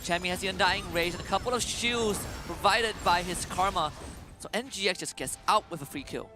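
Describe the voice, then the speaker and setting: A man casting a mobile esports match live, giving measured, analytical play-by-play. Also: sits high, over music. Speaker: esports caster.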